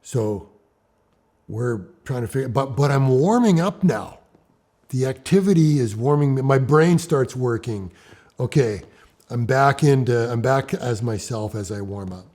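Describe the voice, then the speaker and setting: Husky, dark-voiced man telling climbing stories. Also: mid-range voice, unhurried, pauses often. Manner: animated storyteller, swings from hushed to loud. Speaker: interviewee, rock climber. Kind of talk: storytelling interview.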